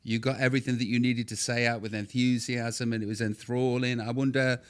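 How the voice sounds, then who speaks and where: Middle-aged guy rambling on a podcast, trips over his words, gets all excited. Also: mid-range voice. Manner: rambling, quick restarts, excitable. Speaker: guest. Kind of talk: casual podcast interview.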